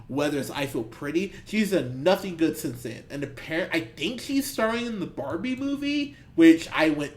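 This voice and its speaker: A man's voice: a little high, big pitch swings, moderate pace. A man co-hosting a movie podcast, ranting heatedly and profanely about bad films with bursts of laughter. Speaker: podcast co-host. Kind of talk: ranty movie review chat.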